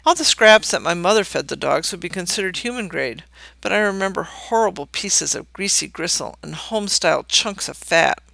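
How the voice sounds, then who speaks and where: Male narrator, wry scripted essay read, dry close sound, gravelly tone. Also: high-pitched, lively intonation, moderate pace, pushed and bright, no echo.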